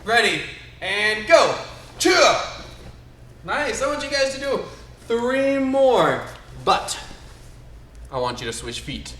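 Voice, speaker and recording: A man's voice: very high voice, sing-song, measured pace, long pauses, fairly bright tone, slight background noise. A man teaching a live online karate class for kids, upbeat and encouraging as he calls out counts and commands, filmed in a martial arts studio by a camera a few steps away. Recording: roomy studio echo.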